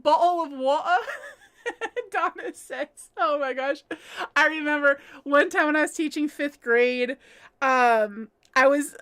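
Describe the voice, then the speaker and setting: Host: woman from the US, high voice, chatty, laughs a lot while reading live chat at home. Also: bright, forceful tone, clear, resonant tone. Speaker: livestream host.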